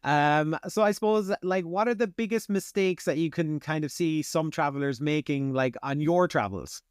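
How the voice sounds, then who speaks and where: A man hosting a casual podcast interview, asking questions in a relaxed way with short agreements. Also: fairly high pitch, normal speed, clean tone, no room sound, clean studio sound. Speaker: podcast host.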